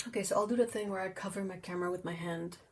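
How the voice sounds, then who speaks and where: A woman hosting a casual livestream from home, chatty and exclamatory with frequent laughs, cooing softly at her cats. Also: lowish voice, rapid-fire, noisy background. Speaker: livestream host.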